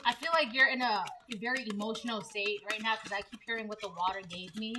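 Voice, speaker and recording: A woman giving a casual tarot reading, chatty and rambling, slipping into quick voiced asides. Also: medium pitch, fairly even intonation, background noise. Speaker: tarot reader.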